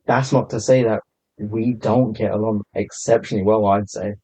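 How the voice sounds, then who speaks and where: A man chatting as a podcast guest in a laid-back, low-key way. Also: steady tone, moderate pace, dark tone, no echo. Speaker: podcast guest, content creator. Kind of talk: casual podcast chat. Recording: slightly muffled lo-fi sound.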